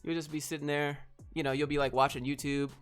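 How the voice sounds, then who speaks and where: A man on a casual livestream answering chat questions in a laid-back, low-energy way. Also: little pitch movement, quick pace, clear, resonant tone, soft background music.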